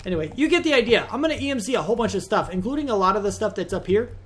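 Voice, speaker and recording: A man with a high, light voice talks casually over his gameplay. He rambles from one aside to the next and gets exasperated easily when things go wrong. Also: animated, racing. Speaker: let's play host.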